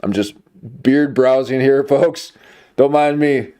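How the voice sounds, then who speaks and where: A man's voice: medium pitch, slow pace, dark tone, clean tone. A man streaming, chatting casually in a rambling, jokey way. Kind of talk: casual chat.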